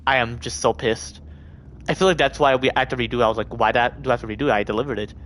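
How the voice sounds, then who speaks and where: A man's voice: medium pitch, steady tone, racing, fairly bright tone, slight background noise. A man live-streaming a video game, talking to himself and swearing in frustration. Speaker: gaming streamer. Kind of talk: casual live-stream commentary.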